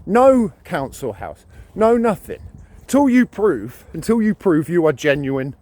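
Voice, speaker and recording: A man's voice: fairly high pitch, sing-song, unhurried, a little mellow. A British man delivering an emphatic, ranting opinion monologue to camera, often repeating his words for emphasis. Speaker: vlogger.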